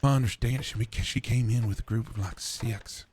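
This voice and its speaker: A man roleplaying a preacher, talking in a calm, measured, persuasive way. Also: medium pitch, a little hiss or hum. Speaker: roleplayer voicing a preacher character. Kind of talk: in-character roleplay chat.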